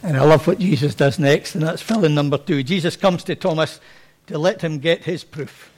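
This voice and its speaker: A man's voice: on the high side, moderate pace. A man preaching a sermon to his congregation in a chatty, conversational way. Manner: conversational, anecdotal, acts out quotes. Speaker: pastor.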